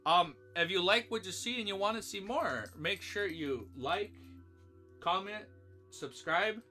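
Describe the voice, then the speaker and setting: A young male streamer with a high, sharp voice rambles casually through his outro from the floor at home, a little slowly and with low energy. He keeps slipping into playful baby talk with his dog while faint music plays behind him.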